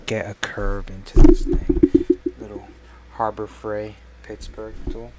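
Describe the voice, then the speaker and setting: A man's voice: lowish voice, level tone, takes it slowly, very noisy. A man live-streaming while he works on a design, thinking aloud in a rambling, self-correcting way.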